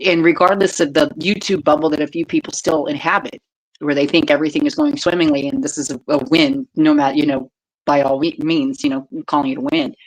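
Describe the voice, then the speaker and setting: A woman's voice: sits low, rough recording. A woman co-hosting a casual podcast chat, blunt and profane, laughing often. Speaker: podcast co-host.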